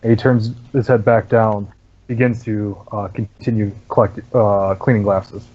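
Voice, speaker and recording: A man's voice: lowish voice, little pitch movement, unhurried, highs cut off. A man narrating as game master for a tabletop game, casual and full of fillers. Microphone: online voice chat mic.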